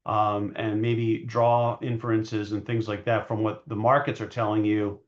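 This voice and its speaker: A man's voice: lowish voice, little pitch movement, unhurried, muffled recording. A man hosting a market show, giving casual commentary over charts, rambling and hedging with fillers and self-corrections. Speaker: market analyst host.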